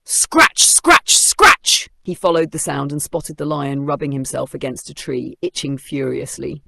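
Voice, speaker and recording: An expressive storyteller reading an animated children's tale, with a gravelly texture in the voice. The delivery rises and falls with the story's moments. The recording is close and dry, with no room sound. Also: mid-range voice, moderate pace, no room sound.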